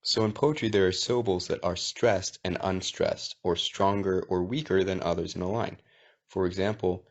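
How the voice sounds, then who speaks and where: A man with a very low voice explains poetry step by step in a video lesson. He pauses to check in with the listener. The sound is dull and lo-fi. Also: steady tone, creaky. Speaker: poetry teacher.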